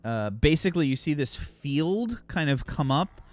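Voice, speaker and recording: A man's voice: on the high side, very animated, moderate pace. A man narrating a tabletop game as game master in a casual, rambling way.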